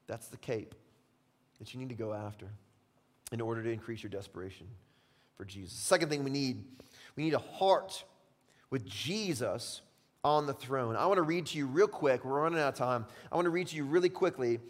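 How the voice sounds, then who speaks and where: A man's voice: mid-range voice, expressive, normal speed. Impassioned male preacher in a reverberant hall. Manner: impassioned preaching, swinging from hushed to loud. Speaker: pastor. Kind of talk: sermon. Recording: long reverb of a large hall.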